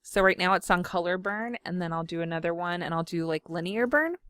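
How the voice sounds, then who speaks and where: A woman, chatting casually from home while she demonstrates design software, giggly and self-deprecating. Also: fairly low pitch, fairly quick, clean tone, no room sound, clean studio sound. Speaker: scrapbooking video host. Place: home room.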